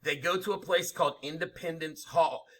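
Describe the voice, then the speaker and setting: A man's voice: a little high, normal speed, a bit bright. A man lecturing a history class, emphatic and informal, asking rhetorical questions as he goes. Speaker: history teacher.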